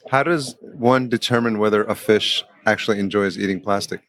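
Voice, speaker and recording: A man's voice: on the low side, normal speed, a bit bright. Curious, wry man in a podcast chat. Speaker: podcast host, guest. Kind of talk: casual chat.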